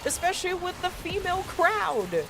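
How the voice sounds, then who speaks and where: A woman streamer casually telling a story, animated and profane, with quick asides. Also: very high voice, noisy background.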